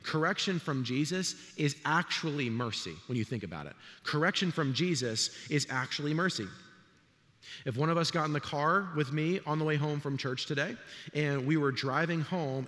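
A man's voice: fairly high pitch, moderate pace. Man preaching a sermon in a reverberant hall. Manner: animated storytelling, acts out voices. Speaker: pastor. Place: church sanctuary.

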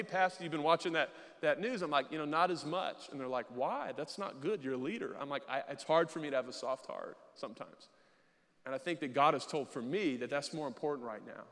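A male pastor giving an animated sermon, mixing casual asides with loud acted-out bursts. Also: on the high side, in a large hall. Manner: animated preaching with sudden loud mimicking bursts.

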